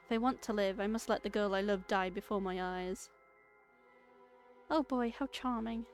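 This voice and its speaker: Animated streamer woman reading a spooky story. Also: on the high side. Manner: animated, joking, bursts into loud outbursts and laughter. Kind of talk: reading a story game aloud with reactions.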